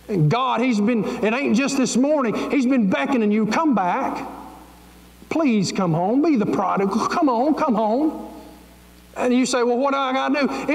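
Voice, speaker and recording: A man preaching a fervent, pleading sermon as pastor of his church. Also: very high voice. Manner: fervent, pleading, folksy preaching with Southern grammar. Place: church sanctuary. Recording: echoey church sanctuary with long reverb.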